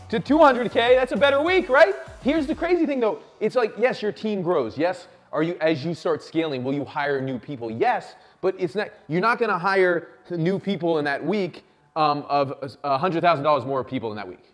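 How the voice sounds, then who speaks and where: A high-voiced man riffs through an energetic motivational business talk, pushing hard and swearing freely. He keeps checking in with "right?" and "okay?" as if pumping up a crowd. Faint music runs underneath. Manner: loud, swearing, hyped, lots of "right?" and "okay?". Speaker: show host.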